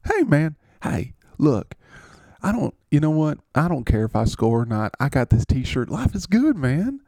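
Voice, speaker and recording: A man's voice: on the high side, very animated, creaky, darkish tone, dry recording, clean studio sound, pitched above the performer's own voice, heavily acted. A man voicing a cheerful, easygoing male football player with a Southern US accent, laughing and drawing out "man" in a comedic podcast bit. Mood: giddy. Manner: giddy, laughing, drawn-out "man".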